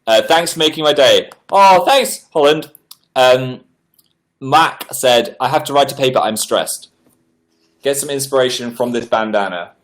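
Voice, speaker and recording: Indoors at home, a man hosts a laid-back livestream, reading viewers' messages aloud and replying to each. His voice sits at a normal middle pitch and moves at an ordinary speed, chatty and animated, jumping upward whenever something surprises him.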